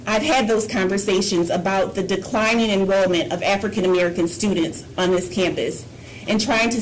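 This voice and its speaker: A woman's voice: mid-range voice, a little hiss or hum, low-quality recording. A woman speaking as a university board trustee, making an impassioned, emphatic statement at a board meeting and repeating her points for effect. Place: meeting room.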